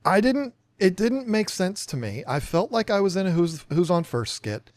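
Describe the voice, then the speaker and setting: Animated storytelling man, higher voice. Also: normal speed, no room sound. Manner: animated storyteller, acts out dialogue; self-deprecating. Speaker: podcast co-host. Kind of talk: casual podcast chat.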